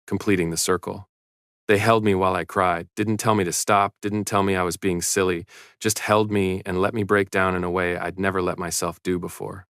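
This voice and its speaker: Deep-voiced male story narrator. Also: a bit bright, clean tone, dry recording, clean studio sound. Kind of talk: scripted first-person story narration.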